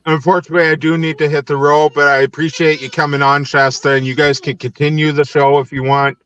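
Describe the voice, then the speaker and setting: A man's voice: a little high, level tone, quick pace, fairly bright tone, clear, resonant tone, dull audio. A young adult man from Tennessee hosting a podcast in casual chat, easygoing, laughing often and using many fillers. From Nashville, Tennessee. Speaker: podcast host.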